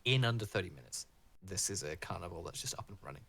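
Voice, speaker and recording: Animated man narrating as dungeon master. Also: deep voice, fast, gravelly. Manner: animated, rambling with fillers. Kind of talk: narrating a tabletop game.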